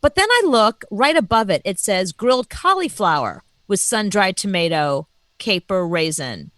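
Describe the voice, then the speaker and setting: A woman co-hosting a radio show, telling a story in an animated, chatty way and laughing easily. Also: medium pitch, moderate pace, no echo. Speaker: radio co-host. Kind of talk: casual radio chat.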